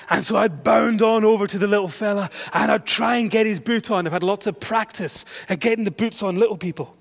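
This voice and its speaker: A Scottish man preaching a sermon, telling a funny story with self-mocking humour and lively exasperation. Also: high voice, brisk, gravelly, hardly any pauses.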